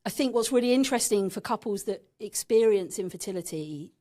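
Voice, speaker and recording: A woman's voice: mid-range voice, animated, fairly quick, mellow. Frank, sweary woman telling her story. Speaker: podcast guest. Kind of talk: candid personal storytelling.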